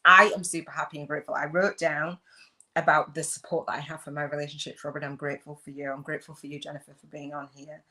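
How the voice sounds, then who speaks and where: A woman's voice: sits low, fairly bright tone. A middle-aged woman hosting a livestream on spiritual business, talking earnestly and emotionally, repeating herself and reading out viewers' comments. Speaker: spiritual business coach and host. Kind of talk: livestream talk with journal prompts.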